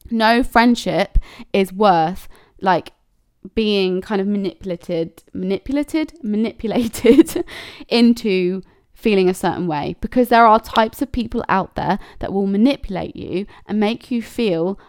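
A woman's voice: mid-range voice, a little slow, smooth, no room sound, clean studio sound. A woman hosting a casual advice monologue, candid and blunt, swearing freely and acting out quoted messages. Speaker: podcast host.

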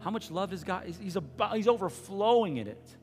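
A man preaching a sermon, telling the story with lively voices, swinging from loud bursts to hushed, intimate asides. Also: high-pitched, a little fast. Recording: reverberant hall with faint music.

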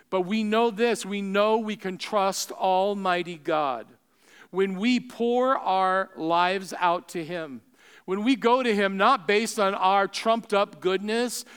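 Pastor, male, high resonant voice, impassioned sermon delivery with quiet appeals, long hall reverb. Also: smooth. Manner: impassioned, swelling then dropping to soft appeals. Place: church sanctuary.

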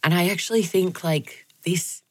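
A woman's voice: fairly low pitch, moderate pace. A woman with an Australian accent co-hosting a podcast, chatting casually and laughing often. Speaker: podcast co-host. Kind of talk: casual chat.

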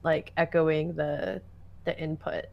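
Laid-back, slow-talking wry woman. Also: deep voice, level tone, gravelly, dull audio. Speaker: guest, joking co-host. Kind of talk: casual chat. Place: home, on a voice call.

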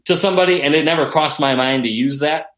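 A man telling stories in a casual chat, animated and heavy on swearing. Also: on the high side, fast talker. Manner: profane, animated storyteller. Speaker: podcast guest. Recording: roomy echo.

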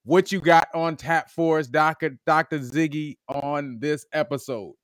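A man hosting a podcast, talking casually and announcing the episode topic with animated, drawn-out hype. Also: on the high side, dry recording, studio quality. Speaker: podcast host.

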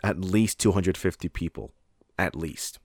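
Deep-voiced guy telling a story. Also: measured pace, darkish tone, no room sound, clean studio sound. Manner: rambling, heavy on fillers and swearing, acts out voices. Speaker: retail worker telling a story. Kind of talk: casual profane storytelling.

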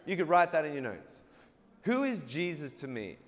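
Man, pastor, sermon, call-and-response, jokey, high voice, long reverb. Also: sing-song, normal speed. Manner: playful, call-and-response with congregation, laughs at own jokes.

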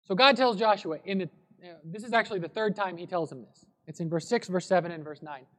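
A man preaching a sermon as a pastor, telling a story in a relaxed, conversational way. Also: high-pitched, fast talker. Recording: long hall reverb.

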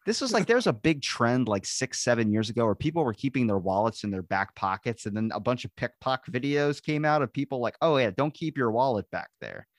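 Guy hosting a podcast, rambly storyteller, swears constantly, mid pitch, dry sound. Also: expressive, brisk, hardly any pauses, dry recording. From grew up in a beach town. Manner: rambling storyteller, swears a lot, acts out quotes. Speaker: podcast host. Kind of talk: casual chat.

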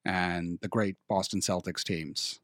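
A young man hosting a casual podcast chat, rambling and pausing to search for names. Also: low voice, steady tone, a bit bright, no echo, clean studio sound. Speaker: podcast host. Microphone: studio microphone.

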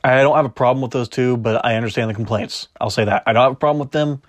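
A man's voice: mid-range voice, steady tone, quick pace. A man hosting a casual sports podcast, opinionated and arguing back and forth with himself. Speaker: podcast host.

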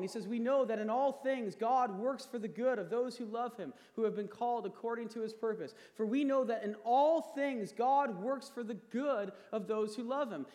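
A pastor in his thirties delivers his sermon in a high, earnest male voice, pressing his points until they land with emphasis. His words ring out with a long reverb that fills the large church hall. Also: darkish tone. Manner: earnest, building to emphatic peaks.

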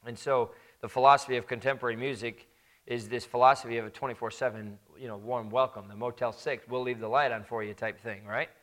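A man preaching a sermon, climbing to loud emphatic peaks and dropping low and quiet, slowing down on the points he stresses. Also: fairly even intonation. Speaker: pastor.

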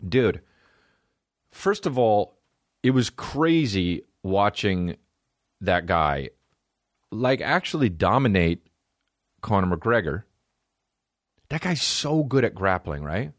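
A man's voice: lowish voice, sing-song, slow, pauses often, dry recording, studio quality. A man hosting a comedy podcast, riffing in a rambling, profane monologue. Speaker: podcast host. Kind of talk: stand-up style comedy monologue.

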